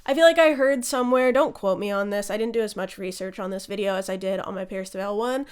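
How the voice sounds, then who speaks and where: Chatty young woman with a smooth voice. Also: mid-range voice, quick pace. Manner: chatty, enthusiastic, swears casually. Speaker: music video creator ranking album songs. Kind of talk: casual talk to camera.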